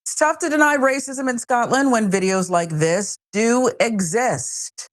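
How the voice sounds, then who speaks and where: A woman's voice: a little high, a little slow. A woman hosting a talk show, giving wry, emphatic commentary on a news story. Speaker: show host.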